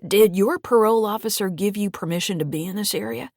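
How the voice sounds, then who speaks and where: A woman's voice: medium pitch, fast, a little mellow, no room sound, clean studio sound, natural voice. A woman voicing a skeptical younger male state trooper asking pointed questions.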